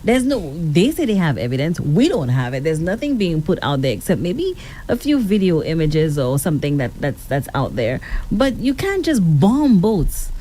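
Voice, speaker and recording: A woman's voice: lowish voice, sing-song, moderate pace, warm tone. A woman from the Caribbean co-hosting a political talk show, indignant and outspoken. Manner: indignant, echoes the host, says "come on". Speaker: radio co-host.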